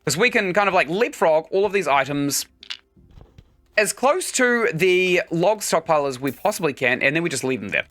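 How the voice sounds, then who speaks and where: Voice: medium pitch, animated, moderate pace, fairly bright tone, soft background music. A game streamer giving casual let's-play commentary, chatting and explaining mechanics while playing.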